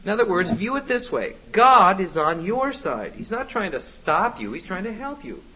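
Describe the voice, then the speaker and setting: Animated male preacher on a dull recording. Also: high-pitched, normal speed. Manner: conversational, exhorting. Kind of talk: sermon. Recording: dull lo-fi with faint noise.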